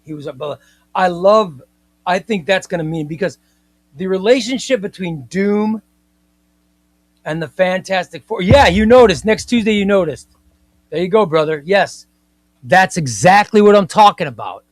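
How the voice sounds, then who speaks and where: A man's voice: high-pitched, animated, normal speed, no room sound. A man hosting a casual comics livestream, talking emphatically, repeating his points and reading viewer comments aloud.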